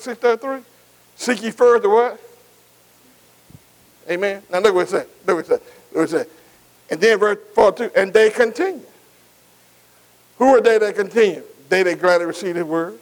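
A man's voice: high voice, lively intonation, moderate pace, creaky, long pauses, poor audio. A man preaching a sermon, emphatic and repetitive, calling on his congregation to answer him. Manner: call-and-response, asking the congregation to answer.

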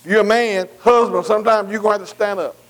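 A man's voice: high-pitched, steady tone, fast, poor audio. A man preaching a folksy sermon, calling out to the congregation. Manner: folksy, call-and-response preaching with dialect.

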